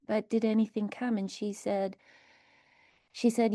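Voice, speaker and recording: A woman leading a guided meditation within a recovery talk, speaking slowly and soothingly with repeated phrases. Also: medium pitch, little pitch movement, dark tone, dry recording, clean studio sound. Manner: slow, soothing, repetitive phrasing.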